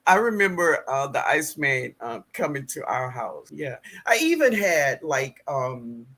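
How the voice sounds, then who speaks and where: A man's voice: mid-range voice, sing-song, a little slow, pushed and bright. A middle-aged man hosting a live gardening stream, reading the chat aloud and greeting viewers by name, laughing often.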